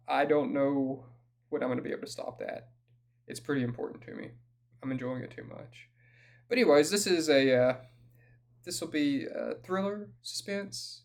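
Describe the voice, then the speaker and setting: A man's voice: on the high side, creaky, darkish tone. A man with a Southern US accent giving a casual solo update as an author, with a dry, self-deprecating humor.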